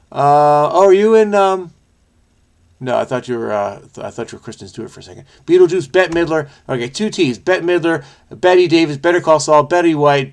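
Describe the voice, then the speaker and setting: A man's voice: medium pitch, creaky. An American man hosting a crossword video, chatting casually from his home basement in a rambling, self-deprecating way with frequent chuckles and fillers. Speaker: crossword solving video host. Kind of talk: casual solo commentary.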